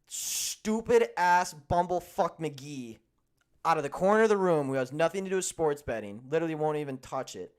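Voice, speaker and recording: This young betting-show host talks casually at a normal speed with a clean tone, his profane, animated anecdotes swinging between fiery rants and low complaining.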